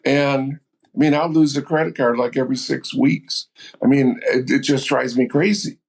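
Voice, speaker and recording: A man's voice: medium pitch, fairly even intonation, normal speed, gravelly, husky. A man in his seventies, a business guest in a podcast interview, speaking bluntly and matter-of-factly. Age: 70s. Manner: blunt, matter-of-fact storytelling. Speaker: guest entrepreneur.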